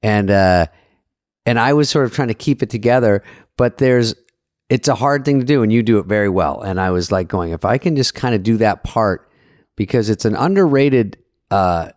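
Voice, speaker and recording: A man's voice: fairly low pitch, moderate pace, dry recording, clean studio sound. A middle-aged man co-hosting a podcast, telling stories in casual chat, acting out quotes with a lot of swearing. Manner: animated anecdote-telling with acted-out quotes and swearing. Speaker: podcast co-host.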